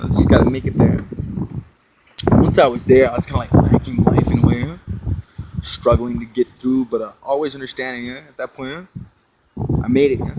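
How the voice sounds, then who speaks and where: A storyteller talks at length about his spiritual experiences, drifting through a personal monologue, cursing frequently and leaning on fillers and tag questions. His voice sits in the mid range, with heavy background noise behind it.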